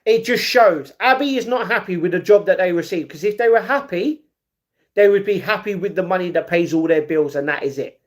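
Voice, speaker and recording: High-voiced man on a chatty livestream. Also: a little fast. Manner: reads viewers' chat aloud and argues back; excited ringside-style reactions to a fight he is watching. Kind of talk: casual livestream chat.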